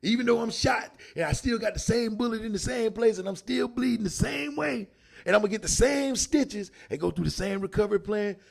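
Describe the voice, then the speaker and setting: A man voicing a shooting victim who thanks the shooter in a slow, laid-back drawl. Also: high-pitched, gravelly. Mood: mock grateful. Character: grateful man who was just shot, drawling.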